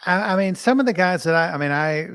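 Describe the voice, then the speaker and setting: A man's voice: sits high, lively intonation, fast talker, a bit bright, smooth, dry recording. A man in a casual chat who rambles with many fillers.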